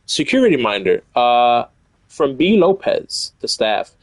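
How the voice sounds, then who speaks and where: A young man streaming a video game, swearing excitably and reading in-game notes aloud. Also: mid-range voice, a little slow, dry recording. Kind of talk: casual live gameplay commentary.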